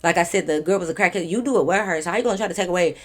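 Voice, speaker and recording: A young woman casually telling a storytime, animated and slangy, swearing freely and dropping to quiet asides. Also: lowish voice, racing. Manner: quiet asides that drop to a whisper.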